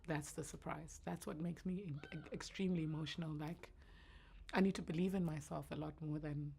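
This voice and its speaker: A woman in her thirties with a naturally deep voice, talking earnestly and reflectively as a guest in an interview. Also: steady tone, a little fast, creaky, dark tone, a little hiss or hum. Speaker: entrepreneur guest. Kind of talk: emotional interview answers.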